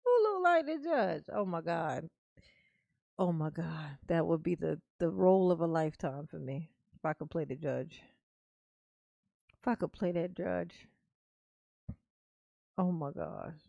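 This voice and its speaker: Woman streamer, casual live chat, slow and gravelly delivery, dry close sound, playful. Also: sits low, animated, mellow, no room sound. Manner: playful, laughing, drawn-out musing. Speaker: livestream host reading chat.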